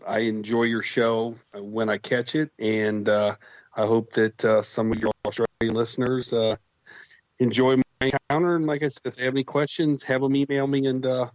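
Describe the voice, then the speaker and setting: A man's voice: mid-range voice, little pitch movement, normal speed, dry recording, dull audio. A man as a podcast guest, speaking politely and hesitantly. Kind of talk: casual chat.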